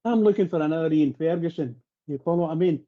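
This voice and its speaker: A man's voice: a little high, quick pace, lo-fi sound. A man talking passionately on a live radio phone-in, rambling and repeating himself as he gets worked up. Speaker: phone-in pundit.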